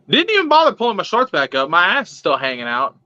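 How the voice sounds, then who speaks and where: Young guy, high bright voice, foul-mouthed and laughing as he tells a story on a dull, dry, lo-fi recording. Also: no echo. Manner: profane, laughing, animated retelling with quoted voices. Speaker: pet vlogger. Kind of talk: casual storytelling. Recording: dull lo-fi sound.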